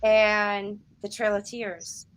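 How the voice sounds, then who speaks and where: A woman's voice: mid-range voice, flat delivery, slow, smooth, poor audio. Earnest reflective woman hosting. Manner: earnest, reflective, speaks in spiritual phrases. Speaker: interview host. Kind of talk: casual interview talk.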